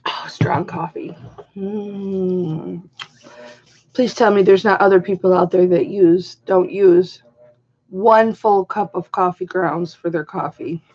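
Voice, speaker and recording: A middle-aged woman chatting casually in a vlog, rambling through an animated story. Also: fairly low pitch, measured pace, slightly rough, dull audio. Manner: rambling, animated retelling with quoted voices. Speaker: vlogger.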